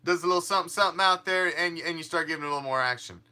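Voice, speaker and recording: Racing along in a fairly high, pushed and bright voice, a man hosts his fan sports show. His talk is casual, rambling and emphatic, full of restarts and sprinkled with swearing.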